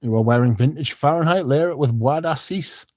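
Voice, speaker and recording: Streamer, low-key rambling host reading chat, warm darker voice, dead-dry mic. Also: male voice, brisk, no room sound. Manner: rambling, laid-back, swears freely. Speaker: livestream host. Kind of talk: casual livestream chat, reading comments.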